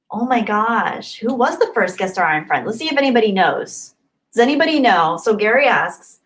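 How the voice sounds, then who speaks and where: A young woman hosting a casual livestream, reading super chats and thanking viewers. She gushes and gets excited, and she thinks aloud as she scrolls the chat. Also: mid-range voice. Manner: bubbly, gushing and excitable. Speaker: livestream host.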